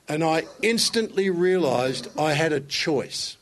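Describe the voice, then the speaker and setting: A man's voice: on the high side, lively intonation, measured pace, few pauses, fairly bright tone. An older man delivering a sermon. He tells stories with emphasis and builds to raised, fervent passages. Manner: storytelling, emphatic, rising to raised intensity. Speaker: pastor.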